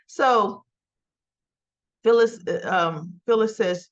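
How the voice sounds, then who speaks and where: Woman host, unhurried soap recap, slips into the characters' lines, muffled lo-fi sound. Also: on the high side. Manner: retells scenes by acting out the characters' lines. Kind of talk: casual episode recap.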